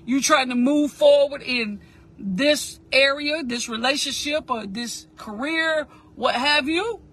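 A motivational speaker, a woman with a high-pitched, fairly bright voice, talks slowly in a preaching cadence. She repeats phrases with emphasis, addresses listeners directly, and asks them to say lines back with her.

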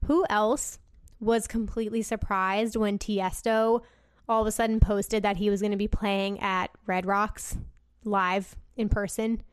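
A woman's voice: mid-range voice, flat delivery, unhurried, clear, resonant tone, no room sound, studio quality. A young woman hosting her own podcast, chatting casually and enthusiastically with frequent fillers. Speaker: podcast host. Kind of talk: casual solo podcast chat.

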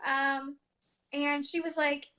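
A woman with a high voice chats casually on a podcast. Her tone is bright and ringing. She tells animated stories and acts out the people she quotes, laughing often. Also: slow pace, dull audio. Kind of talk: casual chat, storytelling.

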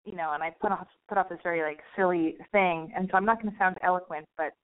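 A woman's voice: on the low side, steady tone, fast. A woman host with a Californian Valley girl way of talking rambles through a casual, profane monologue, full of restarts and "like"s. The sound is narrow and thin, as if it were coming down a phone line. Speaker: podcast host.

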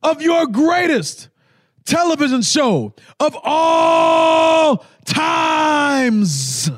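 A man putting on a big, shouting game-show announcer voice to name a winner. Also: very high voice, sing-song, drawn-out words, pitched above the performer's own voice, exaggerated voice. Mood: hyped.

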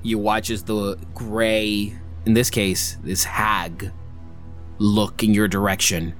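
A man narrating a tabletop game as game master, slowly describing the scene with many hedging "sort of"s. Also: on the low side, level tone, fairly bright tone, soft background music.

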